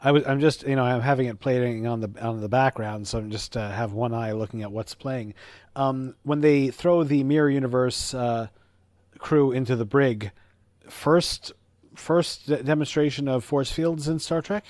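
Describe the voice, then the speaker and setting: A man's voice: mid-range voice, steady tone, normal speed, a little mellow, dry recording. A male podcast co-host in casual chat, opinionated and prone to going off on tangents.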